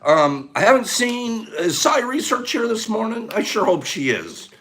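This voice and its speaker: Older american guy chatting on a stream, jokey, voice jumps all over the place. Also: moderate pace. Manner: playful, jokey, swings from low mumbles to excited shouts. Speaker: host of a mushroom livestream. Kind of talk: casual livestream chat with viewers.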